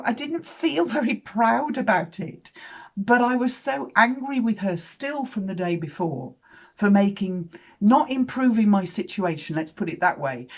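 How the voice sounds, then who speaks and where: A woman in her fifties tells a personal story frankly, swearing and swinging in loudness for emphasis. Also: fairly low pitch. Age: 50s.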